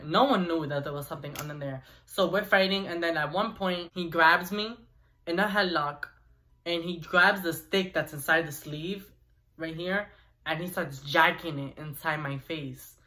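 A young man vlogger telling a personal story in an animated, chatty way with asides to viewers. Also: a little high, normal speed. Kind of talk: storytime vlog.

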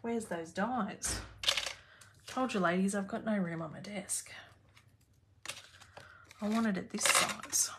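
A woman's voice: medium pitch, takes it slowly, pauses often, very noisy. An Australian woman hosting a live craft class from her home craft room, chatting casually and laughing while she works. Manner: chatty, laughs often, talks while working.

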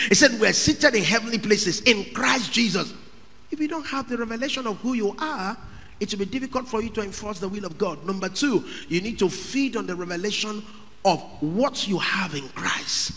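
Fervent preacher in a reverberant hall. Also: male voice, sits high. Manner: fervent preaching, sudden shouted peaks. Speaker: pastor. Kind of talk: sermon.

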